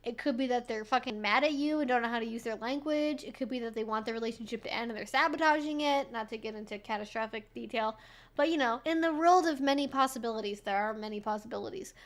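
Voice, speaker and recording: A woman's voice: a little high, fast. A woman hosting a live stream, answering viewer questions in a casual, chatty way. She swears freely, fills her talk with "like", and laughs often between remarks.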